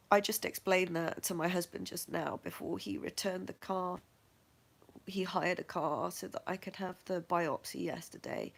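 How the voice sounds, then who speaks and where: A middle-aged woman with a fairly low voice tells her own story in a frank, matter-of-fact way. She keeps laughing at herself as she goes. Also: vocal fry. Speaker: vlogger sharing her health journey. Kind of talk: candid personal storytelling.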